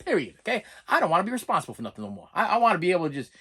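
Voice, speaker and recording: Fast-talking ranting man. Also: high-pitched, sing-song, sharp tone, breathy edge. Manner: exasperated ranting, stumbling restarts. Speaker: vlogger. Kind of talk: comedic rant and unboxing vlog.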